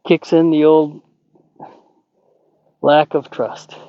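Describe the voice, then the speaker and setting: A man working as a horse trainer, calmly explaining while talking gently and soothingly to a horse outdoors. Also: fairly high pitch, drawn-out words, dry recording, highs cut off. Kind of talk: training commentary.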